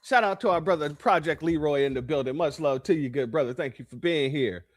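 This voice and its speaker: A man's voice: on the high side, fairly quick. A man hosting a livestream commentary, talking emphatically to his chat, calling them family and repeating phrases for effect. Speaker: livestream host.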